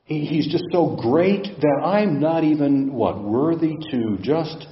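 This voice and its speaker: A man's voice: fairly high pitch, slow. A man preaching a sermon and teaching from scripture, putting questions to his listeners. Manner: teaching, asks the congregation questions. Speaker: pastor. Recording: echoey room, dull lo-fi sound.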